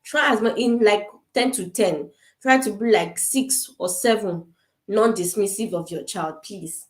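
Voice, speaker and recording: A woman's voice: medium pitch, unhurried, reverberant. Earnest woman from Africa advising parents. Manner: earnest, repeats points, frequent fillers and restarts. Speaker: summit speaker on parenting. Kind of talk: casual online talk to parents. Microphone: webcam on a video call.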